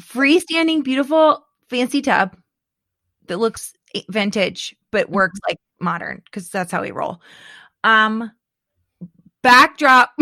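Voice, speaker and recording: A middle-aged woman in casual chat, animated and dramatic, laughing often. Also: on the high side, unhurried, no echo, clean studio sound.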